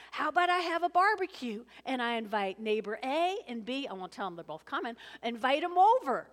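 A woman pastor delivers an animated sermon, her fairly high voice jumping between storytelling and playful asides to the congregation. She acts out the people in her story as she goes. The sound carries a long reverb from the church hall. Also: normal speed, few pauses.

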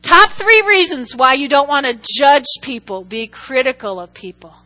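A woman's voice: high-pitched, normal speed, low-quality recording. A woman preaching a sermon, telling humorous personal stories and drawing the congregation into call-and-response. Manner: animated, humorous storytelling with audience call-and-response.

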